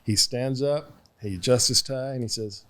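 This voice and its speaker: A man's voice: mid-range voice, moderate pace, fairly bright tone. A retired man guesting on a podcast, telling stories, often chuckling. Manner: laid-back anecdote telling, chuckling. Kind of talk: casual interview storytelling.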